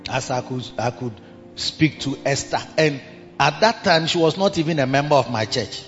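A man's voice: medium pitch, expressive, normal speed, in a large hall, highs cut off, faint music behind. A man preaching a sermon as a pastor, dramatic and acting out the voices of others. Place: large church hall.

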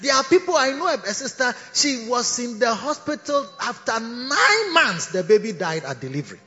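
Man preaching, high bright voice, teasing and scolding, echoey cathedral hall, dull lo-fi sound, faint music. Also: very animated, normal speed. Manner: teasing, scolding, laughs mid-sentence. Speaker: bishop and pastor. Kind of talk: preaching a sermon. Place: cathedral sanctuary.

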